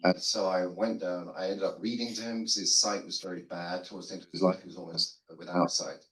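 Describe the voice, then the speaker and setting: A man's voice: low voice, fairly even intonation, a little fast, a bit bright. An older man, a guest theologian on a seminary panel, telling stories in a rambling, self-deprecating conversational way with frequent restarts. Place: seminary lunch room. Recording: roomy echo.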